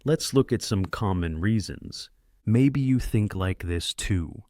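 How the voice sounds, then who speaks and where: A man with a fairly low voice teaches beginner English at a very slow, careful pace. He speaks clearly and encouragingly, straight to the listener, and the recording is dry and close with no room sound. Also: animated, mellow, no echo. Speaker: podcast host and English teacher. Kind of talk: slow scripted lesson for beginner learners.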